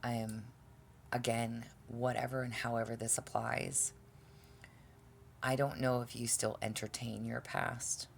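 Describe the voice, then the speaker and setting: Blunt, exasperated low-voiced woman. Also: flat delivery, a little slow, creaky, slight background noise. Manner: exasperated, blunt, swears often, stumbles over words. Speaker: tarot reader. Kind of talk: casual collective tarot reading.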